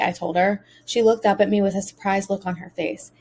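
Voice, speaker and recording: A woman's voice: medium pitch, fairly even intonation, fast, hardly any pauses, a little mellow, slight background noise. A woman narrating a first-person audiobook as a teenage boy, earnest and emotional.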